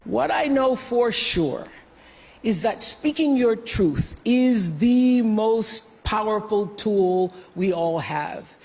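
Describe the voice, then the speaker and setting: A woman giving a measured, earnest award acceptance speech. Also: a little high, expressive, a little mellow, husky, big-room sound.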